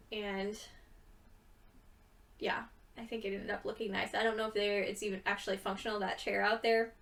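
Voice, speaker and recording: A woman's voice: a little high, a bit bright, far from the mic. A young woman chatting casually and rambling with giggles, tired from too little sleep. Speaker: gaming video creator. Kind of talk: casual chat over gameplay.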